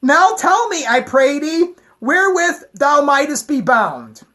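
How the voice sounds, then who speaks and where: A woman's voice: high voice, sing-song, slow pace, fairly bright tone, exaggerated voice. A woman reading the lines of a sly, demanding biblical woman in archaic speech. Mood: accusing. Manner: archaic, pleading and accusing. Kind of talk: dramatic scripture reading.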